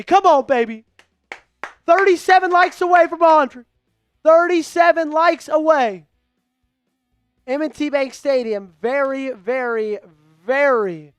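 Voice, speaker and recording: A man calling a game live for an online fan stream, hyped and pleading with his viewers, rising to shouts at big plays. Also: very high voice, unhurried, dry recording, faint music behind. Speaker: fan livestream play-by-play host. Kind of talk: excitable live play-by-play commentary.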